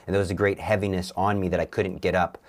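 A man's voice: low-pitched, flat delivery, fast talker. A man as an interview guest, earnestly recounting his faith testimony, often stumbling and restarting his sentences.

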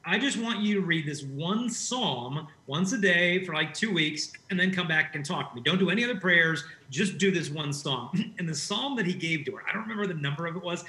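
A man with a bright, forceful voice that sits fairly high. He tells stories with animation and acts out the lines he quotes. The sound is roomy and echoing. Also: expressive, a little fast, few pauses. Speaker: guest. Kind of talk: conversational faith discussion.

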